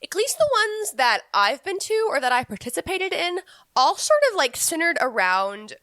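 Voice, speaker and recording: A woman's voice: sits high, sing-song, moderate pace, fairly bright tone, no echo. A young woman in her twenties co-hosting a podcast, talking casually and frankly and laughing often. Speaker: podcast co-host.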